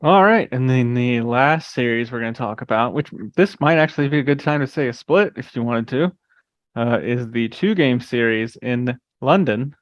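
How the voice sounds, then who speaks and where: A man's voice: mid-range voice, lively intonation, moderate pace, no room sound. Man hosting a dry, lo-fi sports chat. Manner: moderates picks with dry teasing. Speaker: podcast host.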